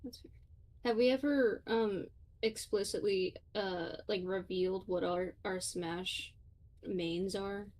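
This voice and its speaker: Young woman goofing off on a game stream, playful, quick asides. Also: mid-range voice, steady tone, darkish tone. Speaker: streamer co-host. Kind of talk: casual gaming chat.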